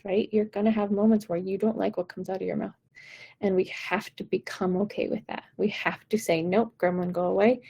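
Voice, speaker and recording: A woman's voice: mid-range voice, vocal fry, slightly rough, rough recording. A woman vocal coach giving an encouraging, direct pep talk on a live stream. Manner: encouraging, warm-hearted, direct.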